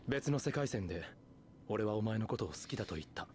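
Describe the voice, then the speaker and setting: A man's voice: fairly low pitch, lively intonation, rapid-fire, a little mellow, slight background noise, natural voice. An actor playing an intense young male scientist who makes earnest, insistent declarations of love in anime dialogue. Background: anime soundtrack music.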